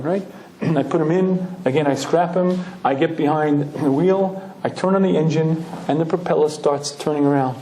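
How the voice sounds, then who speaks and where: A rabbi tells a story with animated energy, pausing often to clear his throat. His voice sits fairly high but has a warm, mellow tone. The room echoes noticeably. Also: slight background noise. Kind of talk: storytelling Torah lecture.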